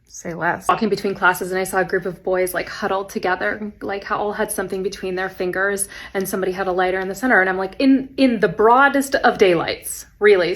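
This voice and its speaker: Wry woman telling classroom stories. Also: mid-range voice. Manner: deadpan, wry delivery with quoted student voices. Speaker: teacher. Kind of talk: anecdotal storytelling.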